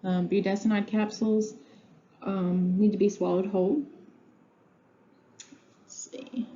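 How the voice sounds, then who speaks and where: A woman with a dark, mid-range voice and little pitch movement speaks unhurriedly as she gives a recorded pharmacy lecture at home. Her style is conversational, with many ums and uhs. Faint noise runs through the dull lo-fi recording.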